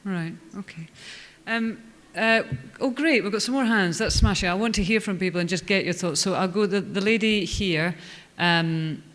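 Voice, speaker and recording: A man chairing a panel debate in a large hall, brisk and jokey with the audience. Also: sits high, fairly bright tone. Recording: long hall reverb.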